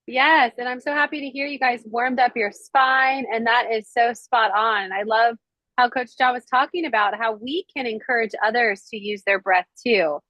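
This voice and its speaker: A woman leading a guided breathing exercise as mindfulness coach, calm and soothing as she counts the breaths slowly over a video call. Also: fairly high pitch, dry recording, low-quality recording.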